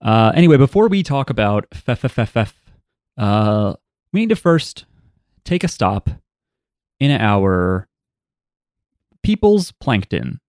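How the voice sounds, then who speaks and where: A man's voice: fairly low pitch, sing-song, takes it slowly, long pauses, a little mellow, no echo, clean studio sound. A man co-hosting a podcast in casual chat, joking, rambling and swearing freely. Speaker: podcast co-host.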